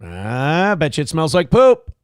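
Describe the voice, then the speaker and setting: A man's voice: fairly high pitch, wildly swooping pitch, moderate pace, no echo, clean studio sound. A man hosting a show, reacting to a clip with angry, mocking commentary full of swearing. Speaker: show host.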